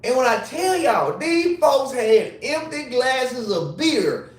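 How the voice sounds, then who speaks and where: A tipsy man hosting a casual livestream, ranting in an animated, rambling, profane way. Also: very high voice, slow, roomy sound. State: tipsy from drinking. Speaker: livestream host and former sprinter. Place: hotel room.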